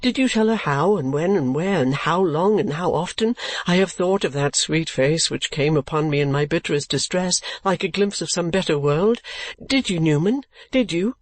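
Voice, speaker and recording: A passionate young man in love, as a male reader voices him in an audiobook. He talks with eager vehemence, pressing one question after another. The voice sits higher than usual in a dry, close recording. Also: expressive, moderate pace, no echo, lightly acted. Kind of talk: audiobook character voice.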